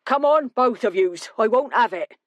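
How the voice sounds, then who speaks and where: A woman's voice: fairly high pitch, lively intonation, normal speed, no echo, voice pushed up, lightly acted. A woman voicing a stern male bartender who scolds firmly. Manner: firm, scolding.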